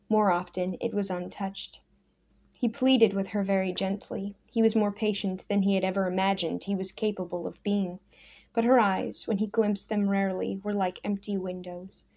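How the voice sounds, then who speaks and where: A woman narrating a storybook in a measured, soft-spoken reading. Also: medium pitch. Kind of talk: scripted audiobook narration.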